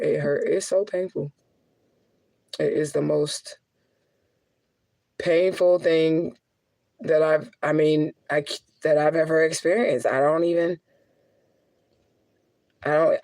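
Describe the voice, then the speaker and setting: A woman's voice: fairly low pitch, darkish tone, dry recording. A woman talking casually to her viewers in a blunt, profane, chatty way, often laughing between heavier remarks. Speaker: spiritual adviser and vlogger.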